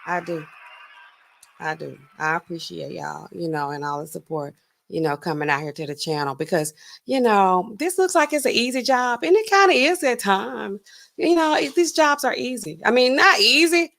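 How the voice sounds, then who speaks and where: A woman pharmacist hosting a casual livestream, chatting to viewers and acting out customers in quick asides. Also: mid-range voice, gravelly, a bit bright.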